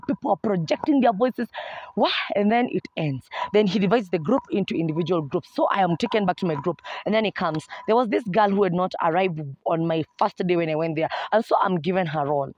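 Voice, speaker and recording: Young woman, kenyan accent, humorous storytime, animated, dull lo-fi sound. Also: mid-range voice, dry recording. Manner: animated, humorous storytelling, addresses viewers as guys. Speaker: vlogger. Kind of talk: storytime vlog.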